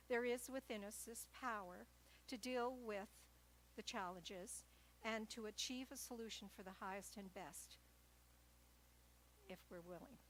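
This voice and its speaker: A woman preaching a sermon at a church service, telling stories in a gentle, light-hearted way. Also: fairly high pitch, a little hiss or hum, low-quality recording. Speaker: guest speaker at church.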